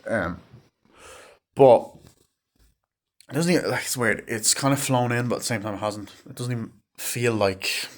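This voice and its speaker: A man's voice: mid-range voice, normal speed, pauses often. A man in his twenties rambling in a casual vlog at home late at night, swearing often and drifting off on tangents. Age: 20s. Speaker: movie vlogger. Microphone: phone camera.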